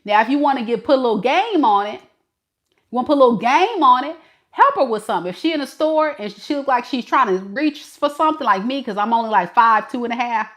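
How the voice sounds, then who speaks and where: A young woman, a tarot reader, chatting casually to camera with playful, animated storytelling. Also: fairly high pitch, quick pace. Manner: animated, playful storytelling with lots of acted-out voices.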